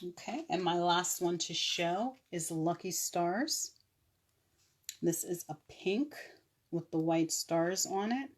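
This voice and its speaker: A woman casually showing her nail products on a live stream, chatty, with fillers and quick self-corrections. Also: lowish voice. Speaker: online nail seller.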